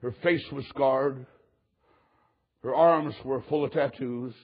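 A man preaching a sermon, telling a story in an animated way that swings from loud outbursts to hushed moments. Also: medium pitch, slow, slightly rough, dull audio.

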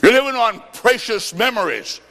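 A man preaching a sermon, telling a story with sudden shouts and sing-song phrases. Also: very high-pitched, lively intonation, normal speed. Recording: long reverb of a large hall.

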